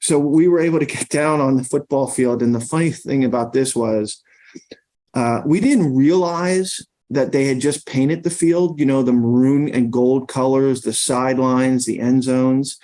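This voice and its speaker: A man's voice: medium pitch, unhurried, mellow. A middle-aged man, a podcast guest, tells long anecdotes in casual conversation, full of fillers and restarts. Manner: rambling anecdotes with many fillers.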